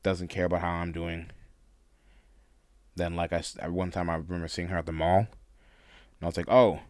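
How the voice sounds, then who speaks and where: Deep-voiced young man telling a story. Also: monotone, a little mellow, no echo. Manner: candid, laughs often, halting restarts. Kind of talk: casual storytelling monologue.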